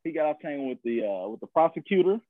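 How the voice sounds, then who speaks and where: A man's voice: fairly high pitch, sing-song, fast talker, no echo. Man, podcast co-host, rambling casual talk, tinny phone-like sound. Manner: rambling, laid-back, profane. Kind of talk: casual opinionated chat.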